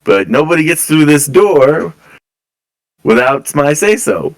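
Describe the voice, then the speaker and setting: A burly gate guard who will not budge, talking in rough rustic grammar, as a man acts him out. He blusters with a raised, strained pitch and a bit of extra force, drawing out his threats. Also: animated, slow, exaggerated voice. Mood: blustering. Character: burly gruff male gate guard, stubborn, uneducated.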